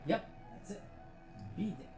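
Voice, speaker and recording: A woman's voice: unhurried, over music, low-quality recording. A woman giving casual, enthusiastic commentary while playing a virtual reality game, chatty and swearing freely. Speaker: VR game reviewer.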